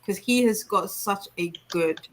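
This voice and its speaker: A woman's voice: mid-range voice, measured pace. A woman chatting casually about audiobooks on a book club livestream, rambling and searching for words. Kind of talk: casual chat.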